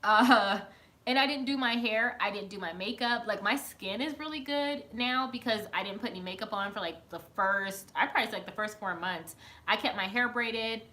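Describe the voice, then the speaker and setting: A woman's voice: mid-range voice, normal speed, pushed and bright. A woman, chatting casually on a live stream from home, reading out her viewers' comments and laughing often. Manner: chatty, laughs often, talks to chat by name.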